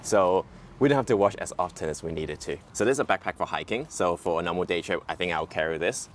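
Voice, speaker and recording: Young male vlogger, very low voice, easygoing explainer, faint background noise. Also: fast. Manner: explanatory, relaxed, teasing. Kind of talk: casual travel vlog.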